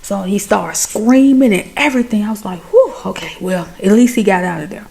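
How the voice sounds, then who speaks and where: A woman retelling a movie plot in a chatty, animated way, talking straight to her viewers. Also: mid-range voice, brisk, creaky. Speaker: movie recap host. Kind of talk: casual movie recap.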